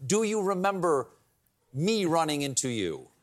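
A middle-aged man hosting a late-night talk show, joking and telling stories with animated delivery. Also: a little high, unhurried. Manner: jokey, animated storyteller. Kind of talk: late-night monologue and interview.

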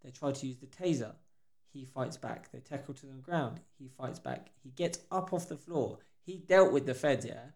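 A man's voice: medium pitch, moderate pace. A young man, co-hosting a podcast in casual chat and acting out the people in his stories. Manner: animated storyteller acting out quotes. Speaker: podcast co-host.

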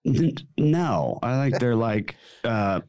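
A man's voice: medium pitch, sing-song, slow pace, darkish tone, no room sound. A man, a comedian guest chatting casually on a podcast in a wry, rambling way. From Southern United States. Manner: drawling, rambling, wry, self-interrupting.

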